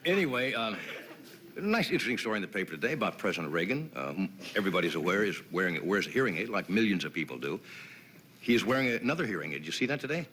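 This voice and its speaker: A man's voice: fairly low pitch, very animated, racing, pushed and bright, a little hiss or hum. Wry man hosting a late-night monologue. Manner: wry joke delivery with chatty asides to his sidekick. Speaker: late-night talk show host. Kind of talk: comedy monologue. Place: TV studio with live audience.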